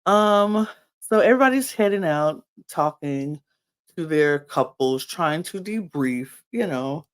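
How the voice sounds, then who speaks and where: A woman's voice: low-pitched, animated, a little slow. A woman casually recapping a reality show, chatty and rambling with frequent ums and restarts. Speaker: podcast recapper.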